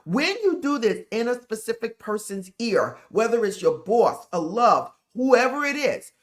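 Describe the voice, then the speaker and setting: A woman speaking straight to her listeners as a spiritual teacher, walking them through each step. Her pitch moves a lot, rising and falling as she coaches. She talks plainly and directly and keeps checking that they are following. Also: sing-song, unhurried. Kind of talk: instructional talk to camera.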